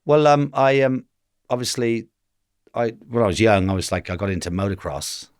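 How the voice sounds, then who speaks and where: A man's voice: lowish voice, steady tone, normal speed, clean tone, no echo, studio quality. A man in his fifties from England, telling stories as a guest in a casual interview, rambling and acting out the voices of the people he quotes. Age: 50s.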